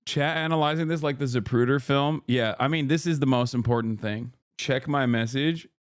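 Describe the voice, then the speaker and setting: A man's voice: mid-range voice, normal speed, dry recording, clean studio sound. A man hosting a live stream, reacting to clips with casual, profane, emphatic commentary. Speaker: streamer host.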